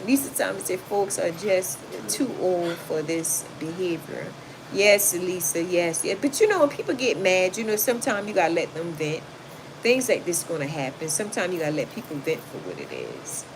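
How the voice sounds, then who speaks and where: A woman's voice: on the low side, sing-song, normal speed. Sassy woman chatting on a noisy livestream. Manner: chatty, sassy, gives blunt advice, reads comments aloud. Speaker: livestream host reading chat. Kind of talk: casual livestream chat. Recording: noisy home recording.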